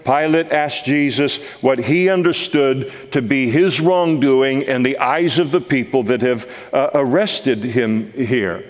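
A man teaching through a Bible passage verse by verse, earnest and halting, with many filler sounds. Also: medium pitch, in a large hall.

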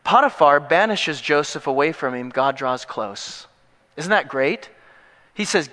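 A male pastor giving an animated, emphatic sermon that mixes in jokes. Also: fairly high pitch, unhurried. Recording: long echo in a large hall.

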